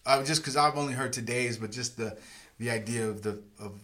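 With a brisk, mid-range, fairly bright voice, a man co-hosts a podcast, joining the casual conversation with jokes and quips.

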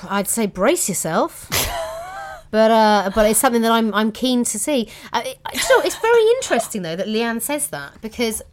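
A woman's voice: a little high, expressive, a little hiss or hum. A woman co-hosting a podcast, chatty and rambling in casual talk. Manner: chatty, rambling, quick to laugh. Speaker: podcast co-host. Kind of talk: casual chat.

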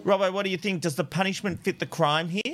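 A man co-hosts a talk show, reading news in a slightly high voice. He states his opinions emphatically and with indignation. Faint music plays under him. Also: steady tone, quick pace. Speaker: co-host and news reader.

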